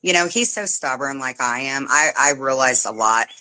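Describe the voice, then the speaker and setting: A woman hosting a casual livestream chat, telling animated stories, swearing freely and mimicking the people she talks about. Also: rumbling low, normal speed, dry recording, poor audio. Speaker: livestream host.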